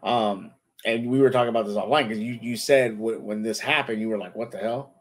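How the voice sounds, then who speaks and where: A man's voice: on the low side, fairly quick. A man hosting a casual chat, retelling scenes and acting out the characters' lines. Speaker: podcast host. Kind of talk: casual show review chat.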